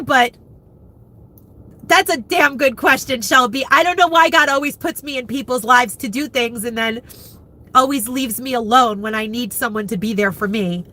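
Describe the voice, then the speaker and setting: A woman in her fifties talks to her viewers in an open, rambling way, her feelings close to the surface. Her voice sits a little high and has a bright, sharp edge. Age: 50s. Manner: emotional, rambling and candid. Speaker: vlogger. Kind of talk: candid live chat.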